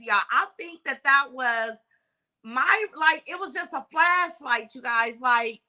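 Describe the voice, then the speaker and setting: Older woman, casual livestream chat, high voice, real bright and lively storytelling. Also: low-quality recording. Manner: animated storytelling, swears, laughs often. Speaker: livestream host.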